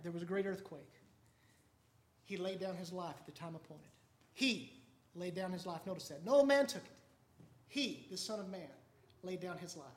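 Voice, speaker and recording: A man preaching a sermon with fervor, swinging from hushed, low passages to loud, soaring ones. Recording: echoey room.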